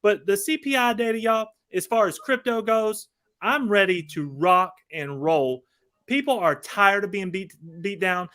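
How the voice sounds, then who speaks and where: Hyped folksy man with a high voice. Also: unhurried, a bit bright. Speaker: guest YouTuber. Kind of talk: casual live-stream chat.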